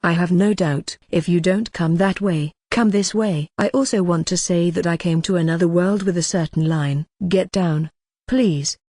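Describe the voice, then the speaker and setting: A woman's voice reading a fantasy light novel aloud in a flat, machine-like narration. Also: fairly low pitch, moderate pace. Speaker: audiobook narrator.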